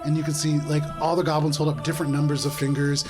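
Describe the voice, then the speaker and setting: A man serves as game master, narrating a tabletop game in a loose, easygoing way with plenty of fillers. His voice sits slightly high, and clear background music plays beneath him. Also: flat delivery, quick pace.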